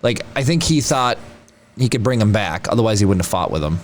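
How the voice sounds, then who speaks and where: Male podcast co-host, lowish voice, easygoing chat, faint room noise. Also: sing-song, a little fast. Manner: reads out chat comments. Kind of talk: casual chat.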